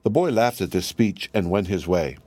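A man narrating a fairy tale in a measured, even storybook reading. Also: deep voice, dry recording.

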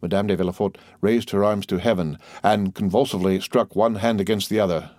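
Low-voiced guy reading an old novel, steady and formal, dry close mic. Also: a little fast, dry recording. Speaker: audiobook reader. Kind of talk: scripted narration. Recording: dry close audiobook recording.

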